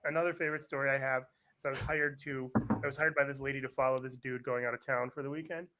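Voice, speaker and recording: A man, a comedian guest, telling animated stories in casual chat. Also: mid-range voice, quick pace. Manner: animated storyteller, acts out quoted voices.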